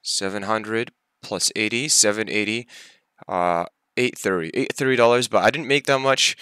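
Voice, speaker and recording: A man's voice: lowish voice, normal speed, sharp tone, clean tone, no room sound. A young man venting his stress and anger in a daily vlog, swearing often and sounding tired. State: tired, half asleep. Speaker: vlogger.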